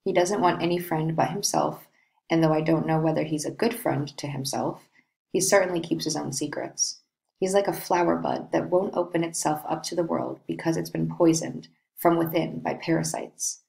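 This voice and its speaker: A woman's voice: sits low, fairly even intonation, moderate pace, gravelly, warm tone. A woman reading the part of a worried noble father explaining his troubled son. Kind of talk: reading a play aloud.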